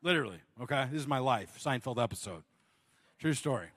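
A male pastor telling a funny personal story in his sermon, animated and self-deprecating, often laughing. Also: fairly high pitch, fairly quick, big-room sound.

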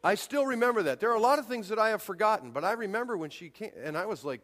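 A man in his forties delivers a sermon in a high voice. He talks emphatically and leans hard on his key points. The sound carries a long reverb, as in a church hall. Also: lively intonation, fast talker. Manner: emphatic, rising to near-shouts on key points. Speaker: pastor.

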